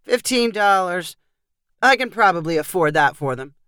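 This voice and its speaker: A woman reading aloud as an easygoing, generous grandfather who speaks calmly and persuasively. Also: lowish voice, moderate pace, clear, resonant tone, dry recording, clean studio sound.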